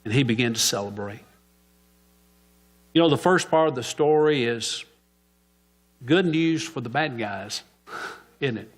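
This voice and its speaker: A man's voice: medium pitch, lively intonation, measured pace, long pauses. A man preaching a sermon in church, asking the congregation questions and answering them himself.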